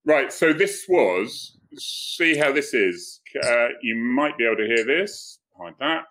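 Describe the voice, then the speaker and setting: A man's voice: mid-range voice, animated, takes it slowly, a bit bright, rough recording. A middle-aged man with a Cornish accent hosting a live stream, chatting casually and laughing often as he tells stories. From Cornwall. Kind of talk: casual chat. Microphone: computer mic on a live stream.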